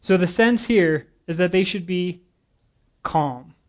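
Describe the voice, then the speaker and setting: A guest preacher with a high voice speaks slowly as he delivers a sermon to a congregation. He's earnest and a little nervous yet lively. Between scripture readings he drops in casual asides and jokes.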